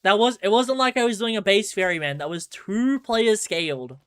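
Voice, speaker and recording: Aussie guy streaming live gameplay, pretty high voice, rambly, talks to chat, panics when stuff goes wrong. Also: animated, normal speed, a bit bright, clean tone. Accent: Australian. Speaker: gaming streamer.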